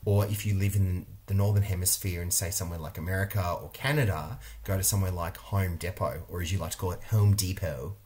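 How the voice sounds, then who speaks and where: A man's voice: low-pitched, fast, few pauses, a little mellow. A middle-aged man with an Australian accent, an interior designer giving blunt, emphatic opinions in a product review vlog. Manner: blunt, emphatic, repeats points for stress.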